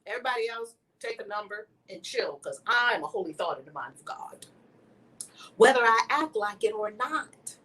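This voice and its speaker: Woman preaching hard to camera, loud then whispery, mic kinda far off. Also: a little high, sing-song, moderate pace. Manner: emphatic, preaching cadence, swings from loud exclamations to hushed whispers. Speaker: host of a spiritual video channel. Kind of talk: impassioned spiritual teaching to camera. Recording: somewhat distant mic with faint background noise.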